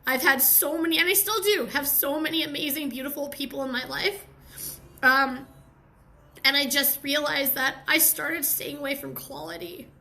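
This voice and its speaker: A woman's voice: high voice, steady tone, moderate pace, pushed and bright. A young woman hosting a live stream, giving a candid, heartfelt motivational talk with slangy asides.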